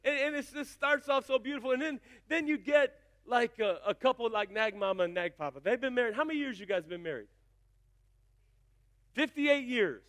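A man's voice: very high-pitched, normal speed. A pastor in his fifties preaching a sermon, telling stories with asides to the congregation. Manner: animated storytelling with asides to the congregation.

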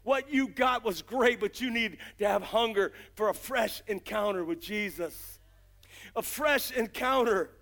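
Middle-aged male revival preacher, high and bright, impassioned and folksy. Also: gravelly. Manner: impassioned, shouting bursts, drawn-out emphasis; folksy, uses "gotta" and "ain't". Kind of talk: fiery revival sermon.

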